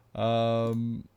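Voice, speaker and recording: A man's voice: medium pitch, a little mellow, slight background noise. A man streaming a survival game, chatting casually, reading chat aloud and drifting into mock-grand asides.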